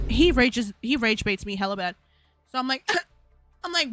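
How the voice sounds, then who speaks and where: A young woman hosting a live stream, telling a story in a slangy, animated way and laughing often. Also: a little high, quick pace, no echo, faint music behind. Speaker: livestream host.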